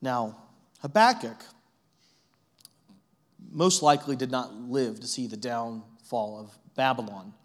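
A man preaching a sermon in a conversational way, often adding "right?" and telling animated, self-deprecating stories. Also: mid-range voice, takes it slowly, long pauses. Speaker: pastor.

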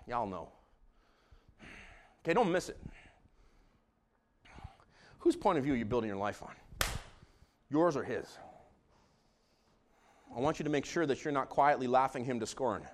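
A man preaching a sermon as pastor in a church, swinging from hushed tones to shouting. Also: medium pitch, animated, unhurried, pauses often, slight background noise. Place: church sanctuary.

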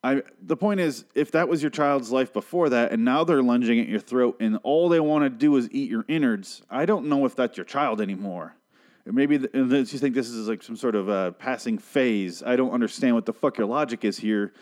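A man's voice: mid-range voice, moderate pace, a little mellow. A man hosting a podcast, recapping a TV show in a rambling, sarcastic, profane solo rant.

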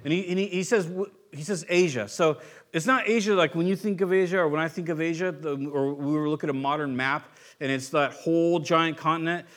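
A man's voice: on the high side, brisk, fairly bright tone. A man preaching a conversational sermon as a pastor, acting out quoted voices as he goes.

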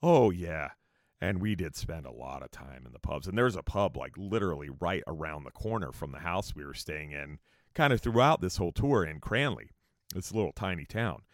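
A man's voice: deep voice, animated, normal speed, dry recording, clean studio sound. An American man telling a travel story in a loose, profane, rambling way, breaking off into rants. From United States. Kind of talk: casual storytelling.

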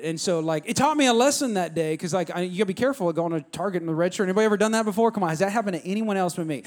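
A man's voice: sits high, rapid-fire, few pauses. A young man preaching a sermon in a church, telling stories with energy and urging the crowd to answer. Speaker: pastor. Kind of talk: sermon with call-and-response.

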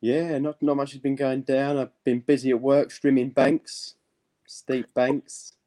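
A man's voice: mid-range voice, flat delivery, unhurried, dark tone, no room sound. A man, a gardener, chatting on a video call in an easygoing, plain-spoken way and often repeating himself. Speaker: guest gardener. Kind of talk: casual chat.

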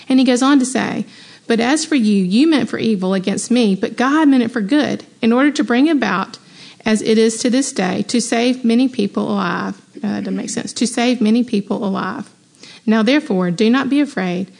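A woman's voice: a little high, moderate pace, creaky, a little mellow. Enthusiastic woman teaching a Bible study. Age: adult mother. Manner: enthusiastic, conversational, exclaims and asks rhetorical questions.

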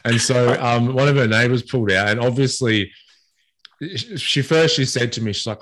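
Relaxed man telling anecdotes. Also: medium pitch, moderate pace. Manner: relaxed, rambling anecdotes with fillers. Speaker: podcast co-host. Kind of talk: casual conversation, storytelling.

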